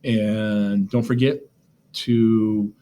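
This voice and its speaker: A man's voice: fairly low pitch, little pitch movement, drawn-out words, mellow. A man teaching a government lesson in a conversational way, with plenty of fillers and side remarks. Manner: conversational, lots of fillers, asides. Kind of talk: recorded class lecture on government notes.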